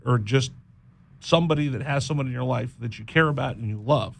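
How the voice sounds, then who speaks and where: A man hosting a radio show, speaking in a halting, heartfelt monologue, often repeating words and close to tears. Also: mid-range voice, vocal fry. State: teary-eyed. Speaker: radio host.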